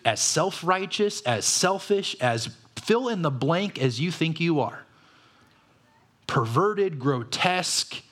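A man with a fairly high voice delivers a sermon as pastor of his church. He talks in a lively, conversational way and asks his listeners one rhetorical question after another.

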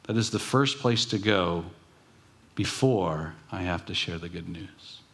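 Lower voiced guy preaching a sermon, earnest, gets emphatic here and there. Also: measured pace, gravelly. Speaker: pastor.

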